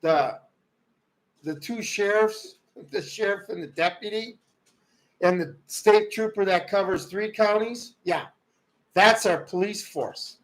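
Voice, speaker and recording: Heated high-voiced man ranting live. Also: takes it slowly, low-quality recording. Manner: heated, swings from loud outbursts to muttering. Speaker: livestream host. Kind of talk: ranting political commentary. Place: rural home.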